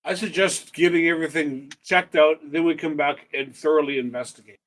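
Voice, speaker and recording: A man playing a tabletop game, making brisk practical suggestions. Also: fairly high pitch, steady tone, a bit bright. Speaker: player. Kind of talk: casual tabletop play.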